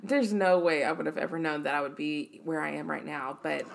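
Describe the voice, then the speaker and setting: A young woman co-hosting a faith podcast, speaking earnestly and trailing off softly at the ends of her thoughts. Her voice sits on the lower side with a gravelly fry running through it. The talk is casual and affirming. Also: steady tone, fairly quick, a little hiss or hum. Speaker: podcast co-host. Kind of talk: casual faith-based chat.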